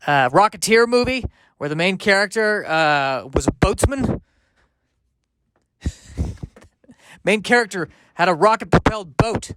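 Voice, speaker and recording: A man talks alone into a close, dry mic, hosting his own comedy podcast in a slightly high voice. He rambles and mocks himself, and breaks off into halting restarts and sardonic asides. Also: a bit bright, clear, resonant tone, dry recording. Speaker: podcast host.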